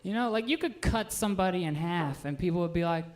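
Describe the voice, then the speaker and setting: A man in his twenties doing a stand-up set, with an offhand, deadpan delivery full of "um"s. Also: high voice, fast, slight background noise. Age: 20s. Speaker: stand-up comedian. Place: live comedy stage.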